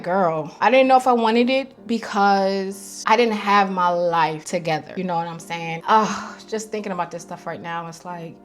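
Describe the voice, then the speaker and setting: A woman in her thirties from New York telling her own life story in a candid, emotional vlog, talking straight to her viewers. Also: medium pitch. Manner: candid, confiding, emotional, calls listeners "girl". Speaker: vlogger. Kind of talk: personal storytelling to camera.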